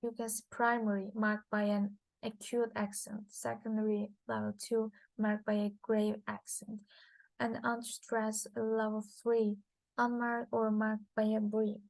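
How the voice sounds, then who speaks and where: Halting woman reading a linguistics lecture. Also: mid-range voice, level tone, creaky, darkish tone, no room sound, rough recording. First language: Turkish. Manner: halting, with frequent uh fillers and restarts. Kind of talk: reading lecture slides aloud.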